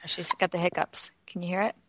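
A woman's voice: on the low side, level tone, fairly quick, fairly bright tone, no echo, rough recording. A woman co-hosting a podcast in casual chat, teasing and laughing often. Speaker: podcast co-host.

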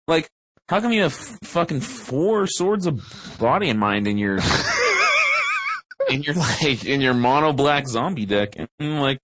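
Animated, swearing young podcast host. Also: male voice, a little high, unhurried, husky, no echo. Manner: animated, profane ranting with laughs. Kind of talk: casual podcast chat.

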